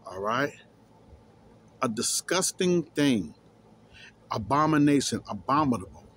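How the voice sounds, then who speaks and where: A man's voice: mid-range voice, normal speed, pauses often, breathy edge. A man reading scripture aloud and explaining it emphatically, repeating key words and challenging his listeners. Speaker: scripture teacher.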